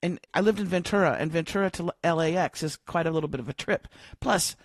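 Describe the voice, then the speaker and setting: A woman's voice: fairly low pitch, fast, no echo. Dry-voiced woman telling a story. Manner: lively storyteller who acts out quoted dialogue. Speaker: podcast guest, coach. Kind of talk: casual storytelling interview. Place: home, living in Australia.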